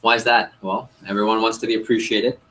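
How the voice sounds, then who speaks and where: A man's voice: on the low side, brisk, crowd noise, rough recording. A man leading a sales training session for a group, asking the audience questions and acting out lines to customers. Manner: animated, role-plays customer lines, asks audience questions.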